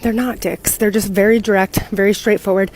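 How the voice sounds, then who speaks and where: An American woman in young adulthood, telling a story to camera in a chatty, animated way and swearing freely. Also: medium pitch, a little fast, a little hiss or hum. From United States. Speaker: content creator living abroad.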